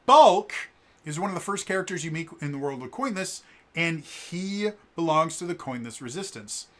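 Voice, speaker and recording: A man's voice: fairly high pitch, a bit bright. A man reviewing a tabletop game book in casual talk, stammering and restarting often. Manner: stammering, frequent restarts and fillers.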